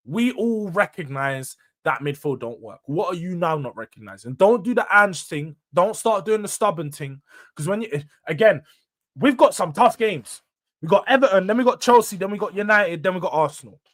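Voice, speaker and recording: Blunt slangy football host. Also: male voice, high voice. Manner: blunt, opinionated, rapid rhetorical questions and answers. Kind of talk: casual solo match review.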